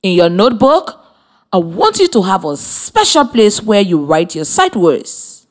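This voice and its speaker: A woman from Liberia teaching a primary lesson over the radio, with slow, clearly articulated, encouraging instruction to children. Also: medium pitch, big pitch swings. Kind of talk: slow scripted classroom instruction. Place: radio studio with students present.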